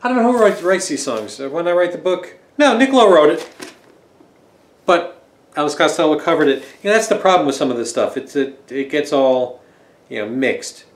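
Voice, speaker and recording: A man's voice: on the high side, animated, normal speed. Chatty man in a roomy space. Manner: rambling, chatty, jokey asides. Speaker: record collector host. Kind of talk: casual record collection chat.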